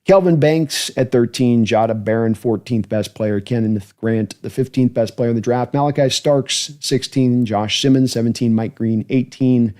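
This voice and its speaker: A man hosts a football livestream in a loose, chatty way, rambling through his thoughts and thanking viewers as he goes. His voice sits at an ordinary middle pitch, relaxed and conversational. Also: normal speed, hardly any pauses. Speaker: host of a football fan channel livestream. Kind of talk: casual livestream commentary.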